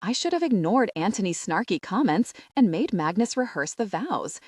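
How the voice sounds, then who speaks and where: A woman narrating a romantic comedy audiobook in the first person, animated and exasperated. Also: mid-range voice, moderate pace, husky, no room sound, studio quality.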